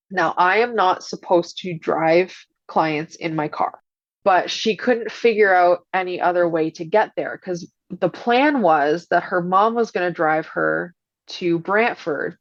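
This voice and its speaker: A woman's voice: lowish voice, no room sound. A woman working as a doula earnestly recounts a tense experience, retelling what was said back and forth. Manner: earnest, animated retelling with quoted dialogue. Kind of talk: first-person storytelling. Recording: dull lo-fi audio with faint music.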